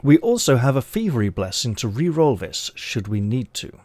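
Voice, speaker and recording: A man reading a solo gamebook aloud with measured, dramatic narration and commenting on his choices as he plays. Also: mid-range voice, sing-song, darkish tone, slight background noise. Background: music.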